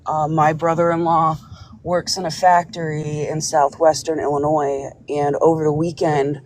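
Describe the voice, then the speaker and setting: A man's voice: on the high side, darkish tone, poor audio. A man hesitantly reporting what he has heard, with many ums and restarts. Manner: hesitant, filler-heavy. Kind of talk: casual report.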